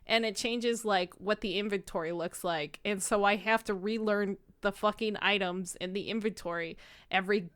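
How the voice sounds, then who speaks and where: A woman's voice: mid-range voice, fairly even intonation, fairly bright tone, clear, resonant tone. A woman in her thirties with a subtle lisp, co-hosting a casual gaming podcast and swearing freely. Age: 30s. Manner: swears freely, fast filler-heavy talk. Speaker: podcast co-host.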